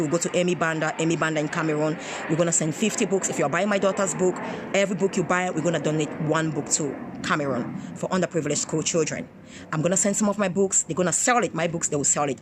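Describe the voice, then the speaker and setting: Husky, effusive motivational woman speaker. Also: deep voice. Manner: effusive and emphatic, repeats phrases. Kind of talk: motivational livestream talk.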